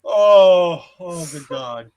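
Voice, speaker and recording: A man co-hosting a casual wrestling recap, talking in an animated way with jokes, swearing and quick asides. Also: high-pitched, rough recording. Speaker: podcast co-host.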